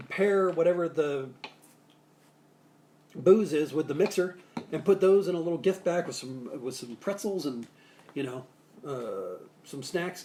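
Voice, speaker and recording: A man's voice: on the high side, warm tone, a little hiss or hum. A man hosting a live cocktail show, chatting casually and jokily, rambling with restarts and asides as he gives bartending tips. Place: Salt Lake City area.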